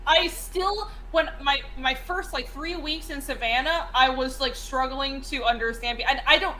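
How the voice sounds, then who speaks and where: A woman's voice: high voice, normal speed, bright, forceful tone, rough recording. A woman co-hosting a casual stream, chatting and rambling with lots of fillers. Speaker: co-host.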